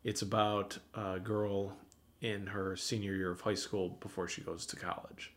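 Male podcast co-host, low voice, relaxed filler-heavy banter with plenty of swearing. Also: a little slow. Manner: loose, profane, heavy use of "like". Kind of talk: casual chat.

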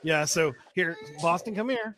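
A man's voice: a little high, measured pace, pushed and bright, soft background music. A man hosting a podcast over a video call, talking easily with apologetic asides. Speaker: podcast host and father. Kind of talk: casual podcast chat.

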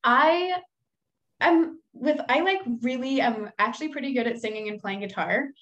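A woman's voice: high voice, moderate pace, a bit bright, highs cut off. Candid, swearing young woman. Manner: candid, swears freely, self-deprecating. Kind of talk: casual chat.

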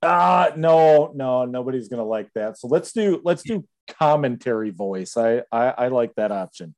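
A man's voice: mid-range voice, lively intonation, normal speed, darkish tone, dry recording. A man co-hosting a podcast, teasing his partner in easygoing banter. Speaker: podcast co-host.

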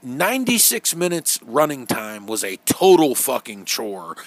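A man's voice: mid-range voice, huge pitch swings, a little slow, dry recording. Sarcastic man, casual podcast chat. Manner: sarcastic, swears freely, reads from notes. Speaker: podcast co-host.

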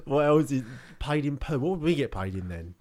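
A man's voice: mid-range voice, animated, brisk, darkish tone. A young man co-hosting a podcast, playful and laughing often, now and then belting out songs in a put-on voice. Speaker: podcast co-host. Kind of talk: casual banter.

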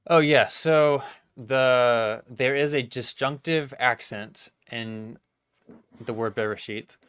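A man hosting a podcast, asking questions in a casual, halting way. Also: mid-range voice, a bit bright, smooth, dry recording, studio quality. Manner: inquisitive, halting. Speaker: podcast host. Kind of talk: casual interview.

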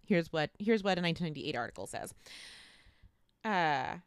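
Woman co-host, casual storyteller who reads quotes aloud; lower, smooth voice, dry close mic. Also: expressive, moderate pace, long pauses, dry recording. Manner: reads out article passages, laughs easily. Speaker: podcast co-host.

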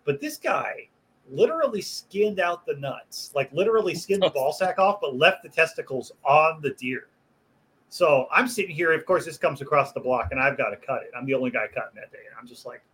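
A man's voice: on the high side, lively intonation, normal speed, a bit bright. A man who works as a butcher, telling a rowdy story in casual chat. He swears freely, laughs as he goes and raises his voice to act out what others said. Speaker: butcher and podcast guest.

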